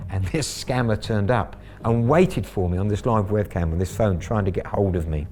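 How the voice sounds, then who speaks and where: A man's voice: on the low side, normal speed, a little mellow, slight background noise. A middle-aged man telling the story of baiting a scammer, in a wry, gleeful interview manner. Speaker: scambaiter.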